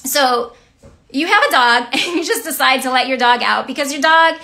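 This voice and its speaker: A woman's voice: sits high, expressive, normal speed, gravelly, pushed and bright. A woman giving a casual devotional teaching. She talks in a chatty way, often asks "right?" and laughs lightly. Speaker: Christian teacher and vlogger.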